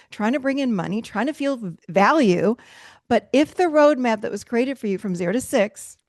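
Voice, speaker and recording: A woman in her fifties coaching a workshop audience in a lively, emphatic way, keeping it conversational with small laughs. Her voice sits a little high. The sound is close and dry. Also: no room sound. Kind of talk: motivational workshop talk.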